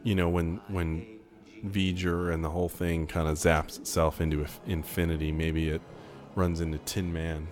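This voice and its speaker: A man co-hosting a casual film commentary, chatty and quick to laugh, with excited asides. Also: sits low, faint music behind.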